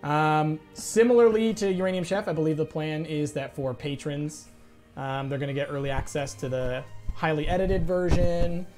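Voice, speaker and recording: A man's voice: a little high, fairly even intonation, normal speed, darkish tone, soft background music. A man with a nasal voice running a game stream, chatting casually and rambling on a lapel mic in a small room. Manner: chatty, rambling, self-interrupting. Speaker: dungeon master. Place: small indoor stream room with cloth hanging from the ceiling.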